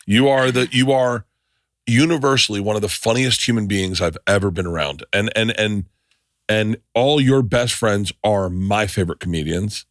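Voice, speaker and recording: A man in his fifties hosting a podcast, telling profane, excitable stories in casual studio chat. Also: fairly low pitch, moderate pace, dry recording. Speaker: podcast host.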